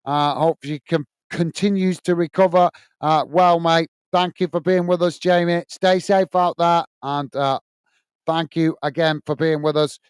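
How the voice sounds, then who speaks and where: A man's voice: fairly high pitch, flat delivery, measured pace, clear, resonant tone, dry recording. A British man hosting a casual live stream, reading out viewer comments and thanking them with lots of "uh" fillers and friendly sign-offs. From United Kingdom.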